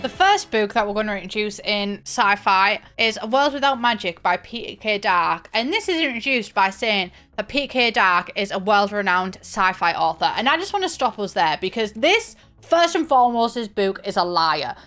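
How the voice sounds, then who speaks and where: A woman's voice: medium pitch, lively intonation, normal speed, hardly any pauses, bright, forceful tone, soft background music. A young British woman giving chatty, playful gaming commentary with sarcastic asides. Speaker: YouTuber.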